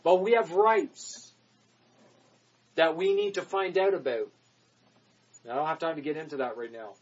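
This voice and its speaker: A man preaching a sermon, emphatic, repeating phrases and swinging from loud declarations to quick muttered asides. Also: fairly high pitch, animated, breathy edge, lo-fi sound.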